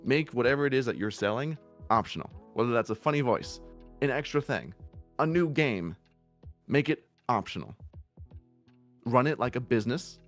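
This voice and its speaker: A male streamer talks into his microphone with blunt, emphatic energy and casual swearing. His voice sits at an ordinary middle pitch, with faint guitar music in the background. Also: expressive, normal speed, long pauses. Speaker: VTuber streamer. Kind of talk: casual stream chat giving advice.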